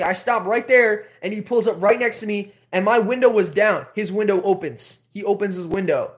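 A young man telling a story on a live stream, animated, swearing and repeating himself. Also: high voice, moderate pace, few pauses. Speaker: host.

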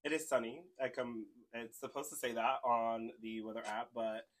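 A man's voice: medium pitch, steady tone, moderate pace. A man co-hosting a casual podcast as interviewer, playful and joking with frequent laughter.

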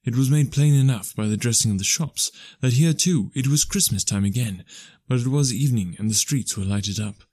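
A man narrating a classic storybook in a measured, even reading. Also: medium pitch, no echo, clean studio sound. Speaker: audiobook narrator.

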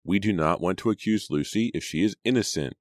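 A timid, gentle young woman who soothes rather than argues, as a male reader lifts his deep voice a little and speaks louder. Her delivery stays soft and careful, and the recording is dry. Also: a little fast, no room sound, natural voice. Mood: soothing. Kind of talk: audiobook character reading.

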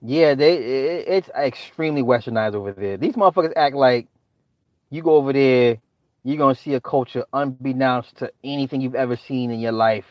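A man's voice: mid-range voice, normal speed, dry recording, muffled recording. A middle-aged man hosting a livestream, ranting in a profane, exasperated way and laughing often as he talks. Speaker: livestream host.

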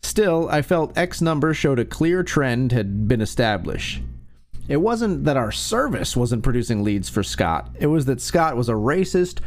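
A man narrating an online revenge story in a scripted, expressive storytelling read. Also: mid-range voice, a little slow, a little hiss or hum. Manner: lively, expressive storytelling reading.

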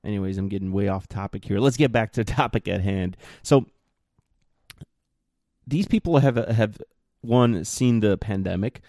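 A man's voice: on the low side, dark tone, no echo, studio quality. A man in his thirties hosting a solo podcast, ranting bluntly with exasperated, mocking jabs. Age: 30s. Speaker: podcast host.

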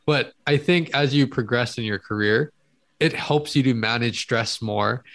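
A man hosting a casual chat, reflecting in a relaxed way and laughing along with his guest. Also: mid-range voice, a little slow, vocal fry. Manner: reflective, laughs along, frequent "you know".

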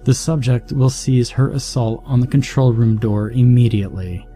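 A man voicing a calm, emotionless male scientist who speaks in cool, formal tones in a horror story, with music behind him. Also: medium pitch, normal speed, close to an everyday voice. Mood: cold.

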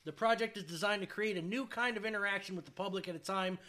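A man's voice: sits high, quick pace, pushed and bright. A man hosting a casual podcast, reading news headlines aloud with joking, profane asides. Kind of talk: casual chat.

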